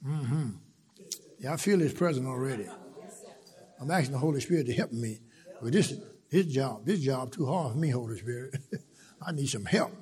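A man's voice: medium pitch, animated, normal speed, pauses often, a little mellow. A man, preaching a sermon and reading scripture aloud, building to emphatic call-and-response. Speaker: pastor. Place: church sanctuary. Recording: long reverb of a large church.

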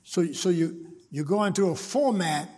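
Preacher man, high voice, kinda husky, slow and deliberate, echoes around the church. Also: animated, darkish tone. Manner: repeats words, builds to emphatic preaching. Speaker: pastor. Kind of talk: sermon.

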